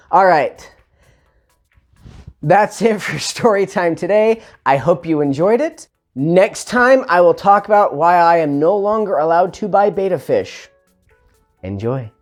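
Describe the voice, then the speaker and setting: A man spins a comic story about himself in a relaxed vlog style. His pitch jumps around animatedly as he mocks his own mistakes with sarcastic little asides. Quiet music plays faintly behind him. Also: slow pace, pauses often. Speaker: vlogger telling a personal story. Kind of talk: casual storytelling.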